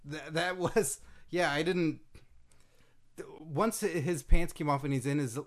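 Easygoing male podcast co-host, slightly high. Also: measured pace. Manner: joking, easygoing. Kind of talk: casual chat.

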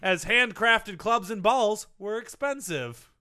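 A man co-hosting a comedy podcast, reading out trivia and cracking deadpan jokes. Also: sits high, slow. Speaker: co-host.

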